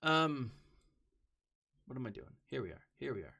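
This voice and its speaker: Chatty, bright-voiced male streamer. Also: mid-range voice, lively intonation, measured pace, long pauses. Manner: rambling, chatty, bursts into loud greetings and hums to himself. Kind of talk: casual live-stream chat while gaming.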